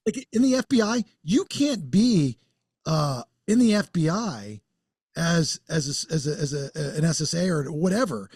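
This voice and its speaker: A man with a high, husky voice rants on a podcast, restarting his sentences as he goes. His pitch swings widely, and the close mic sounds dry. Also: big pitch swings, moderate pace, a little mellow, dry recording. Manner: rambling, restarts mid-thought, ranting. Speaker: podcast co-host. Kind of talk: casual chat.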